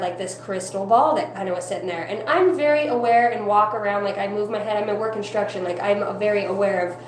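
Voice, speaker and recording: A woman telling a personal spiritual testimony in a rambling, profane, excitable way. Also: mid-range voice. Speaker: evangelist. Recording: roomy echo with faint hum.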